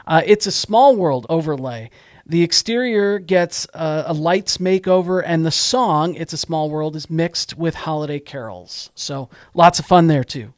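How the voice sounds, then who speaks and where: Male podcast co-host, somewhat high voice, dry close sound, chatty and fact-heavy. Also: unhurried, dry recording. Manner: chatty, lists facts and dates. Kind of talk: casual chat about holiday films.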